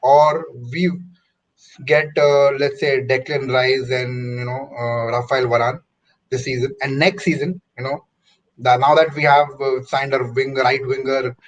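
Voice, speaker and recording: A man's voice: mid-range voice, fairly even intonation, unhurried, highs cut off. A man hosting a casual football discussion, posing questions to his co-hosts. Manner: questioning, conversational. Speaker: podcast host.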